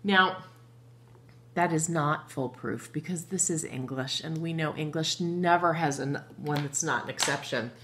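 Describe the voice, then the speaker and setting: Lady teaching kids phonics, kinda low voice, slow spelling, chatty. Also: fairly bright tone, a little hiss or hum. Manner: patient, slow spelling out of letters; chatty, thinks aloud with fillers. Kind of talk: phonics lesson for young children.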